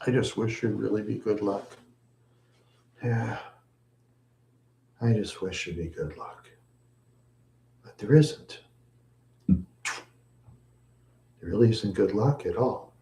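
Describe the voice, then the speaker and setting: Middle-aged man, slightly low voice, rambling self-pitying livestream chatter, echoey room. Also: takes it slowly, creaky, pauses often, warm tone, a little hiss or hum. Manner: repetitive, mumbling, self-pitying. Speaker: livestream host. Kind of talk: rambling live-stream chat.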